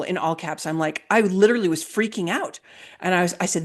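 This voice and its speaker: A woman guest recounting events with emphatic, quoted dialogue in an animated interview conversation. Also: lowish voice, fast talker. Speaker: guest, health freedom advocate.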